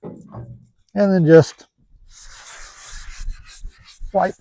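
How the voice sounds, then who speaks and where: Casting note: plain-spoken man, slightly high voice, dry close mic, easygoing joking how-to delivery. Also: steady tone, extremely slow, vocal fry, dark tone, no echo, soft background music, low-quality recording. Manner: folksy, joking, rambling. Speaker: classic car seller. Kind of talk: casual how-to vlog.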